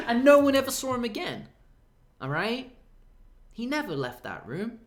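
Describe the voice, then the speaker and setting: A man's voice: very high voice, big pitch swings, normal speed, long pauses, echoey room. A man streaming, telling a crude comedic story in a profane, rambling way, laughing often.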